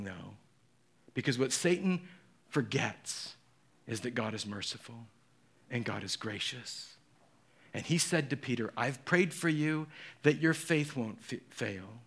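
A man's voice: mid-range voice, fairly bright tone, husky. A middle-aged male pastor preaching a sermon, telling the story dramatically and acting out the voices in quotes.

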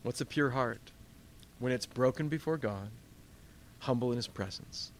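A pastor gives an energetic, emphatic church sermon peppered with rhetorical questions. His mid-range voice moves at a moderate pace, with slight noise audible in the background.

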